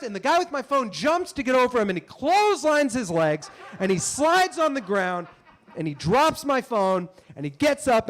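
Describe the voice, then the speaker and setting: A young man telling a comic story on stage, animated and breaking into loud shouted bits. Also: extremely high pitch. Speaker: comedian. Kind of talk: stand-up storytelling.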